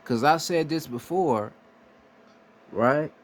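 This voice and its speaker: A man from the United States with a slightly high voice speaks slowly in a casual, emphatic monologue as a spiritual commentator. He swears freely and often asks "right?" to hammer his points home, with slight background noise.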